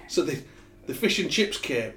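A man's voice: a little high, fairly bright tone, slight background noise. A man, co-hosting a casual chat and telling anecdotes with swearing and laughs. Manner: storytelling, swears, laughs often. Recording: echoey room.

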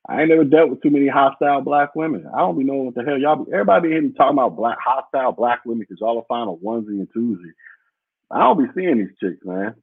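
A man's voice: medium pitch, animated, fast talker, vocal fry, slightly rough, dry recording. A man hosting a podcast as a casual livestream, reading out viewer comments in a rambling, blunt and profane way. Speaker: podcast host. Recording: muffled phone-like audio.

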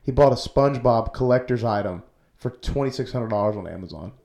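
A man co-hosting a casual podcast, relaxed in manner. He drops wisecracks and mock sponsor lines between odd news stories. His voice sits in an ordinary middle pitch for a man. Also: fairly quick, creaky. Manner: laid-back, wisecracking. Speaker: podcast co-host.

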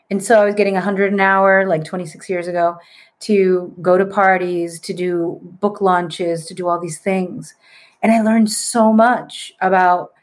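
A woman in her late forties, a psychic medium, telling her story in a casual, animated way and mixing in Spanish words. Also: mid-range voice. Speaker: podcast guest, psychic medium.

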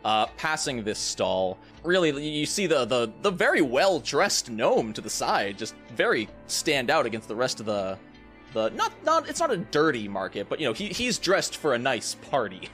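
A man's voice: mid-range voice, sing-song, normal speed, fairly bright tone, faint music behind. A man running a tabletop game as game master, narrating scenes vividly and with suspense. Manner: vivid, suspenseful description with playful asides.

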